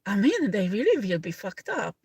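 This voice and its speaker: A woman tarot reader chatting casually on a livestream, rambling in halting second-language phrasing and often breaking into laughter. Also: medium pitch, sing-song, a little mellow, breathy edge.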